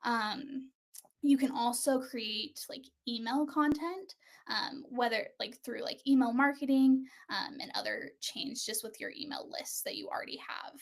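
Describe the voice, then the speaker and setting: A woman's voice: on the high side, measured pace, vocal fry. A woman co-hosting a casual marketing chat over a video call, speaking with many fillers like "um" and "like". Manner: filler-heavy, lots of "um" and "like". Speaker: co-host.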